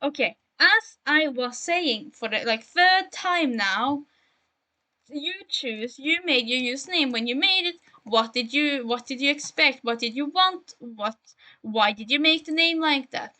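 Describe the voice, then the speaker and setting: A young German woman streaming a game chats casually with her viewers, rambling and poking fun at herself in a German accent. Her voice is high-pitched, sharp and animated but unhurried. The rough recording comes through a streaming mic with faint game music behind her.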